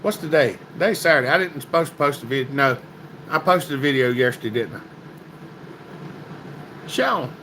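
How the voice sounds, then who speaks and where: A man's voice: medium pitch, lively intonation, moderate pace, long pauses, pushed and bright, slight background noise, rough recording. A man hosting a casual livestream, reading viewer comments and greeting people by name in a folksy, chatty way. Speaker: livestream host.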